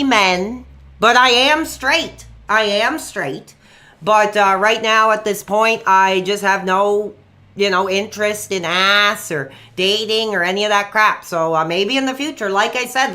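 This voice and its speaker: A man's voice: high-pitched, pushed and bright. A young man streaming live and taking calls, rambling with fillers and flaring into angry rants at trolls. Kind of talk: live stream call-in chat.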